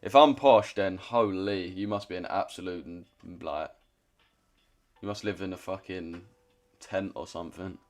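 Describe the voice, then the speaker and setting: Low-voiced and measured, this man in his twenties speaks with a London accent on his trading livestream. He chats casually and bluntly, full of slang, swearing freely as he responds to chat.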